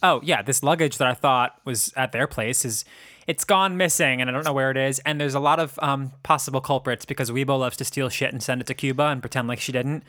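A man co-hosting a podcast, chatting casually and telling animated stories with plenty of swearing. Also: medium pitch, a little fast, no echo, studio quality. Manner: animated storyteller, swears freely. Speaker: podcast co-host. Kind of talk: casual chat.

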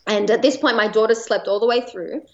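A woman's voice: fairly high pitch, fairly even intonation, a little fast, a little mellow, lo-fi sound. An Australian woman telling a personal story as a podcast guest in a chatty way, full of fillers and light laughter.

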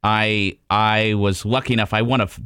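Man, low voice, casual podcast host, animated storyteller, dry close sound. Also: moderate pace, smooth, no echo. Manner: animated storyteller acting out past dialogue. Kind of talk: casual chat.

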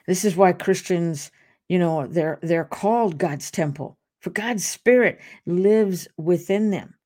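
A woman's voice: on the low side, slow, a little mellow. A woman hosting a devotional podcast, talking earnestly and off the cuff, with restarts and asides. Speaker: podcast host.

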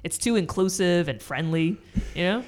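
A woman's voice: fairly low pitch, lively intonation, normal speed, a little mellow. A woman co-hosting a podcast in casual chat, rambling and joking with frequent swearing. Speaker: podcast co-host.

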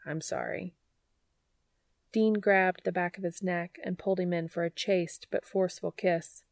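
A woman narrating a fan fiction audiobook in an even, unhurried, quiet reading voice. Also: fairly low pitch, no room sound. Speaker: podfic reader.

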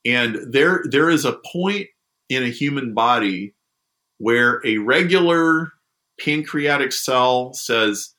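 A man talks through ideas in a relaxed podcast conversation. His voice is bright and forceful, and he slips into the voices of people he quotes as he tells his stories. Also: medium pitch, takes it slowly. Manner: animated storyteller, acts out quoted people. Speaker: guest discussing a science prize.

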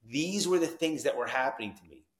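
A man telling his recovery story as a podcast guest, animated, dropping to hushed tones and jumping to loud whoops. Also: mid-range voice, brisk, roomy sound. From New Jersey.

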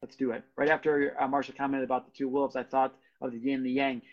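A man's voice: medium pitch, little pitch movement, fast talker. A man hosting his own podcast, speaking earnestly and casually in a motivational solo monologue. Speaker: podcast host. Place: podcast studio. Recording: dull lo-fi sound.

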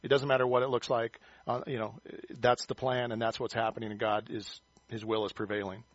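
A man delivers a conversational sermon at a middle pitch, folding scripture reading into friendly asides and corny jokes. The recording is dry and a bit muffled, with no room sound. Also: brisk, dry recording. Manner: conversational, animated, self-deprecating humor. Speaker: pastor.

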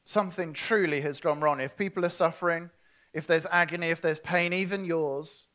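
A man's voice: fairly high pitch, steady tone, normal speed, a bit bright. A man preaching a sermon, earnest and asking his listeners direct questions.

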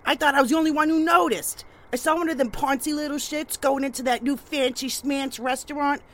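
A woman's voice: high-pitched, steady tone, fairly quick, fairly bright tone. A woman playing a crude, cackling older neighborhood gossip in a comedic audio drama. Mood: mocking. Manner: crude, cackling, conspiratorial talk.

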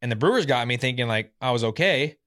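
A former professional pitcher in his thirties, a guest telling his story in a casual, animated way, often acting out what others said. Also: fast. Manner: animated, acts out quotes of others.

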